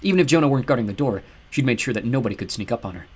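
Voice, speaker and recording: Husky, expressive male audiobook narrator. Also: mid-range voice, rapid-fire. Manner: expressive storytelling, voicing each character. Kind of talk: scripted narration.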